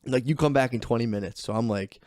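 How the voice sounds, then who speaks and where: A young man co-hosting a podcast tells a story in a loose, rambling way during casual chat, swearing and laughing often. His mid-range voice is a little mellow and he talks fast. The recording is dry and studio quality.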